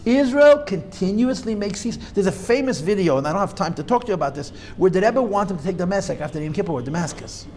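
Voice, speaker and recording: A male rabbi with a fairly high voice that swings widely in pitch as he lectures. He drives his points home with forceful repetition and drops Hebrew and Yiddish words into his English. A faint hiss sits under the recording. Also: very animated, fast talker, hardly any pauses. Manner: forceful, repeats key points, mixes in Hebrew and Yiddish terms. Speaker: rabbi teaching a class. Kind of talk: emphatic lecture.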